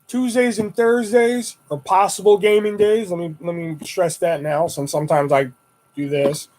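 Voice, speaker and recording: Talking at normal speed into a desktop microphone, a young male livestream host with a high, light voice chats casually with his viewers. He swears a lot and rambles, and when he quotes what he said in a story, his voice shoots up into animated, high-pitched exclamations. The recording quality is low.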